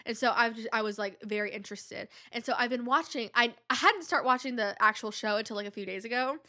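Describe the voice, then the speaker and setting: A woman's voice: on the high side, fast talker, bright, forceful tone. Chatty woman host with a stuffy nose. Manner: rambling, digressive, heavy use of "like". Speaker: podcast host. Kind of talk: casual solo chat.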